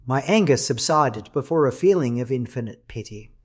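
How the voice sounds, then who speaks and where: A man reading a classic novel as an audiobook narrator in a measured, dramatic way. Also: mid-range voice, lively intonation, slightly rough.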